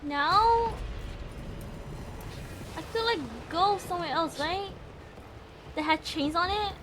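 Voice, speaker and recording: A woman streaming a horror game live, excitable, yelping, swearing and laughing as she plays. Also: very high-pitched, slow, background noise. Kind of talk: live gaming stream commentary.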